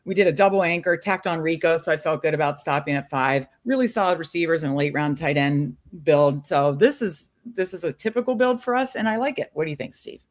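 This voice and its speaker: A woman's voice: low-pitched, lively intonation, fairly quick, few pauses. A woman co-hosting a live stream, chatting casually and upbeat with many fillers. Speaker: podcast co-host.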